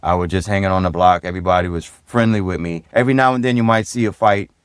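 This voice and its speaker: Deep-voiced New York man, easygoing. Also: fast, smooth, no room sound. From Brooklyn, New York. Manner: easygoing, reflective, repeats phrases. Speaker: guest, retired police lieutenant and DJ. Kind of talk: casual interview storytelling.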